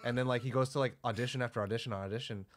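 This man has a mid-range voice with a steady tone and talks at a rapid-fire clip. He co-hosts a podcast and chats casually and loosely, packing his sentences with "like."

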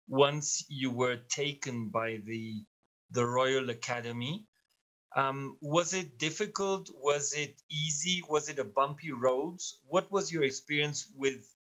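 Slow, careful man moderating. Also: mid-range voice, bright, forceful tone, low-quality recording. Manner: slow, careful, measured delivery. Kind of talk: reading audience questions.

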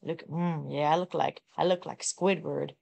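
A woman's voice: deep voice, steady tone, normal speed, creaky, darkish tone, heavily acted. A woman voicing a vain game-character man who admires himself in the mirror, with smug, self-admiring murmurs.

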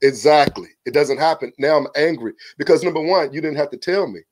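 A man's voice: a little high, brisk. A man, a podcast guest, telling a personal story in a casual, earnest way, often repeating words as he starts a thought. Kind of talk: casual testimony.

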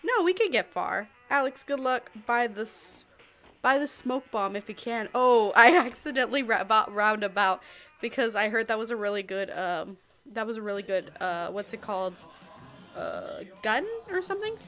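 Young woman, early 20s, tipsy game streamer, excitable and loud, slightly high voice. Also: moderate pace. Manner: excitable, exclaiming, swearing and laughing. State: tipsy from taking shots. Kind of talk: casual gameplay livestream.

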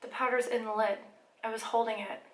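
A woman's voice: on the high side, level tone, brisk, a bit bright. A woman vlogger chatting casually through a makeup tutorial, rambling and joking at herself as she works. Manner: rambling, self-deprecating, talks to herself while working. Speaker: beauty vlogger. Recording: echoey room.

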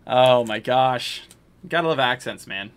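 A man's voice: medium pitch, a little slow, clear, resonant tone. A man streaming himself opening card packs, chatting casually, hyping big pulls, joking with viewers, and mumbling while he sorts cards. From New England. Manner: chatty, hypes pulls, jokes with chat. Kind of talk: casual live-stream chat.

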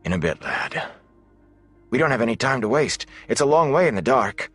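A man's voice: mid-range voice, sing-song, normal speed, fairly bright tone, husky, soft background music, pitched above the performer's own voice. A man reading as a weary wounded farmer father. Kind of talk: audiobook character reading.

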